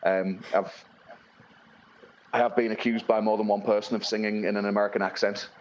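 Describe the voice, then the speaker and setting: A man's voice: lowish voice, level tone, a little fast, lo-fi sound, slight background noise. A man from England, a blues-rock musician, chatting casually in an interview and rambling with many fillers and restarts. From Northeast England.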